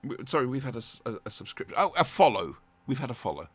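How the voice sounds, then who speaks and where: A man's voice: medium pitch, sing-song, quick pace, slightly rough, no room sound. A man hosting a casual live stream, rambling and self-mocking with lots of fillers. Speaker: livestream host.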